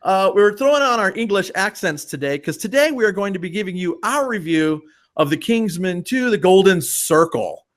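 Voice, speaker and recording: Upbeat high-voiced podcast host man. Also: animated, normal speed, fairly bright tone. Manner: upbeat, chatty. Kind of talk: casual movie review chat.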